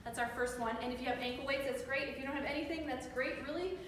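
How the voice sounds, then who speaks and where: Brief: young female fitness instructor, high voice, winded and encouraging, recorded from across a reverberant room. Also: quick pace, fairly bright tone, slight background noise. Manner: upbeat encouraging cues, counting down reps. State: out of breath. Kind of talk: live workout coaching. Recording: echoey room with reverb, mic far off.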